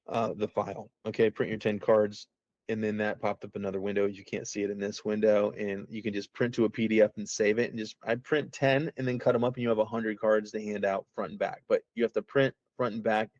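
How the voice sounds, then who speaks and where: A fairly low, darkish male voice, with no echo and the highs cut off, belongs to an app founder giving a casual screen-share walkthrough over a video call. His delivery is rambling, folksy and full of self-interruptions.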